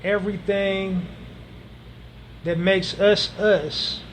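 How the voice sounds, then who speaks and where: A man's voice: high voice, steady tone, extremely slow, a little hiss or hum. A man hosting a solo podcast monologue, speaking earnestly and repeating phrases for emphasis, with frequent ums. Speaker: podcast host.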